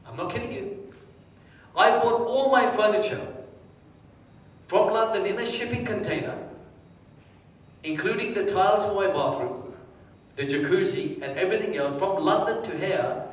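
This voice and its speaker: A man giving a live seminar, quizzing the audience and telling anecdotes in a lively way. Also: high voice, moderate pace, pauses often. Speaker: motivational speaker. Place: large hall with a live audience. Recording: echoey hall, distant mic.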